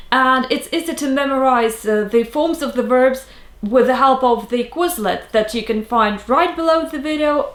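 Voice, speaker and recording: Woman language teacher, slow careful delivery, high-ish voice, echoey room. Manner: slow careful enunciation of example words. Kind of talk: lesson.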